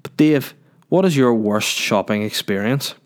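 A man's voice: medium pitch, lively intonation, unhurried. A man hosting a solo podcast in a rambling, jokey, sweary casual chat. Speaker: podcast host.

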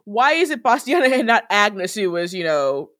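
A woman co-hosting a podcast in casual chat, animated and laughing, with quick asides. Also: mid-range voice. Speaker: podcast co-host.

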